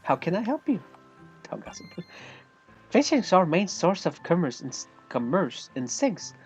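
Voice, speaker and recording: A man voicing a young woman, an innkeeper's daughter, in a soft wistful tone. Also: high voice, very animated, a little slow, muffled recording, soft background music, pitched above the performer's own voice, full character voice.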